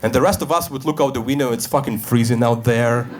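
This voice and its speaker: A man in his thirties from Russia, speaking English, doing a dry stand-up set on a comedy club stage with pauses full of "uh". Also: mid-range voice, slight background noise.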